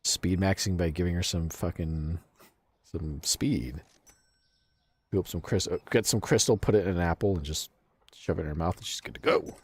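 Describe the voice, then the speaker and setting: A man livestreams a game, chatting casually with viewers, reading the chat aloud, swearing freely, and laughing a lot. His voice is deep and slightly rough, at a moderate pace.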